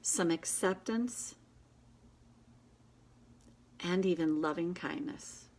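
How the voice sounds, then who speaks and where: A woman hosting a casual live session, coaching a group in an earnest, gentle and encouraging way, with quick asides. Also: on the low side. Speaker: inner child tapping coach, host.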